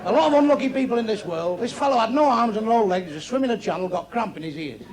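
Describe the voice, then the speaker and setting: A man doing stand-up before a live audience, telling crude jokes bluntly with brisk punchlines. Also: sits high, expressive. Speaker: stand-up comedian. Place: club stage before a seated audience. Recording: crowd laughter throughout a live club show. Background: audience laughing.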